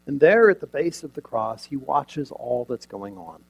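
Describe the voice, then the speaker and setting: A man preaching a sermon, retelling a scene dramatically with rhetorical questions and sudden shifts from loud emphasis to near quiet. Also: mid-range voice, sing-song, normal speed, gravelly, husky, rough recording.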